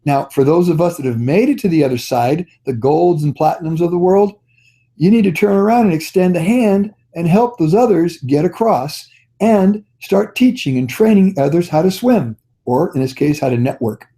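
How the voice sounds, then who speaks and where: A man with a mellow, somewhat high voice leads a network marketing training on a conference call, speaking at a normal pace in an animated way. It's a motivational talk where he tells stories in a folksy, upbeat, encouraging style.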